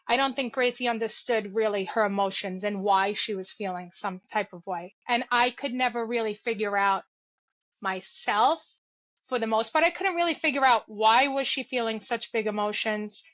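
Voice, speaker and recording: A mother speaks in a bright, forceful voice, earnest and reflective as she tells her story. The sound is dry and a little muffled, with no room around it. She talks in a casual interview tone. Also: a little high, dry recording. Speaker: podcast guest, mother.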